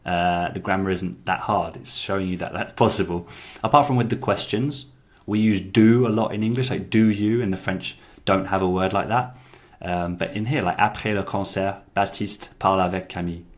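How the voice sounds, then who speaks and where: Deep-voiced guy doing a chatty app review, lots of ums. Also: steady tone, normal speed. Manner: chatty, repeats lines aloud, many fillers. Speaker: language-learning YouTuber. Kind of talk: casual review commentary.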